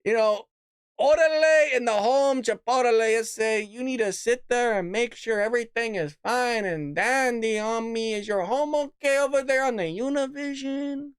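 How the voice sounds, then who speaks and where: A man's voice: very high voice, moderate pace, clean tone, no echo, studio quality, voice pushed up. A man putting on a goofy, exaggerated impression of a woman politician, sprinkling in fake slang. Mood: mocking.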